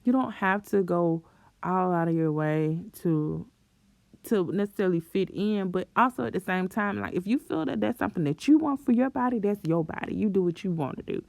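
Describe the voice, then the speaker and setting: A woman's voice: lowish voice, a little fast, vocal fry, a little mellow, no echo. A young woman vlogger giving self-esteem advice in a chatty, encouraging way, often breaking into laughter and playful exclamations. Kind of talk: casual advice talk to camera.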